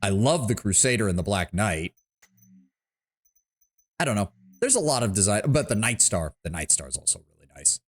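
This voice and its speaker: A man's voice: on the low side, very animated, normal speed, pauses often. A man streaming a video game, chatting casually with some swearing and enthusing about mechs. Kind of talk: casual gaming livestream commentary.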